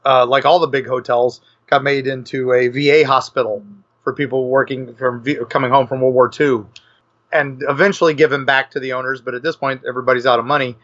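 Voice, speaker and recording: A man's voice: medium pitch, flat delivery, brisk, fairly bright tone. A man, a guest author, telling a rambling, enthusiastic story in a casual podcast chat. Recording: lo-fi dull podcast audio.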